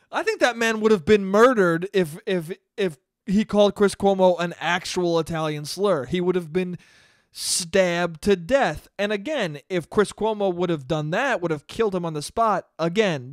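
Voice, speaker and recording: High-voiced man ranting on a solo podcast. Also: no room sound, studio quality. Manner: profane, animated, laughs at his own jokes. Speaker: podcast host. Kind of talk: solo comedic podcast rant.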